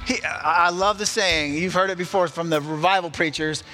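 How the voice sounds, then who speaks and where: A man preaches a sermon, firing emphatic rhetorical questions at the congregation in a bright, forceful voice that's on the high side. His intonation is fairly even and his speed normal, recorded in an echoey hall with faint music.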